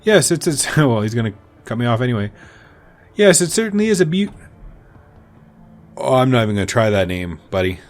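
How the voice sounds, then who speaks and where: Animated, jokey male game streamer. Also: medium pitch, brisk, long pauses. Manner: jokey, animated, rambling asides. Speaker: let's play host. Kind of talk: game commentary.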